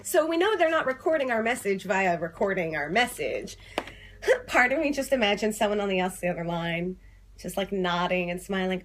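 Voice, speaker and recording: A young woman talking casually to camera as an activist vlogger, quick and passionate with playful asides. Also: mid-range voice. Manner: fast, animated, playful asides. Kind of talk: casual direct-to-camera vlog. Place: home room, on hold on a phone call.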